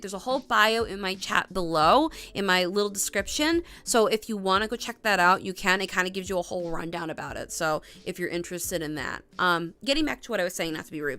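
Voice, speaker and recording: A woman's voice: medium pitch, pushed and bright, clear, resonant tone. A young woman hosting a casual tarot and astrology livestream, rambling and chatty with lots of fillers and restarts. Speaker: tarot reader.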